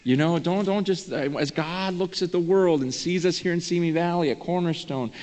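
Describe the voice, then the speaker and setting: A man's voice: fairly high pitch, normal speed, a little mellow. Pastor, man, earnest conversational sermon delivery, long church-hall reverb. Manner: earnest, conversational preaching, often says "man". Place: church sanctuary.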